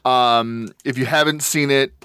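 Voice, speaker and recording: A man's voice: medium pitch, steady tone, unhurried, fairly bright tone, smooth, dry recording. Hesitant man hosting a podcast. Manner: hesitant, many ums and restarts. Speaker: podcast host. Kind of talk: casual podcast chat.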